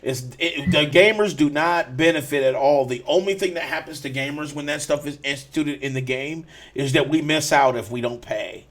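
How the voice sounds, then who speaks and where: A man's voice: fairly high pitch, normal speed, few pauses, fairly bright tone. Blunt, ranting podcast host man. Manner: blunt, repetitive, restarts often. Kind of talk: casual gaming podcast chat.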